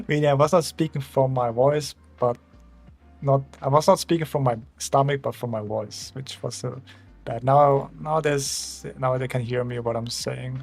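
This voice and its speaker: A man's voice: mid-range voice, vocal fry, a little mellow. A young Austrian man with an Austrian German accent, chatting casually with viewers while he draws on a stream, rambling and chuckling as he reads out chat. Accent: German-speaking Austrian. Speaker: art streamer.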